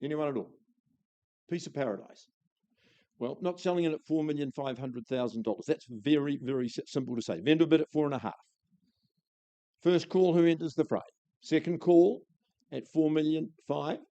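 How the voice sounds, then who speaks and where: A man's voice: on the high side, a little fast, warm tone, no room sound, muffled recording. A man with a New Zealand accent calling a live property auction, with a florid, enthusiastic sales patter.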